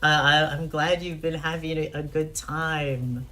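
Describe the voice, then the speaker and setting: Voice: medium pitch, fairly even intonation, measured pace, pushed and bright. A young adult streamer chatting casually while playing and reading dialogue aloud, often laughing and stammering on restarts.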